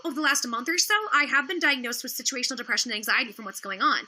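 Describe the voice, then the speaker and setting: Her voice is high, bright and forceful as she rants on a livestream, indignant, sarcastic and cursing. Still, the host seems worn down, tired and without much energy.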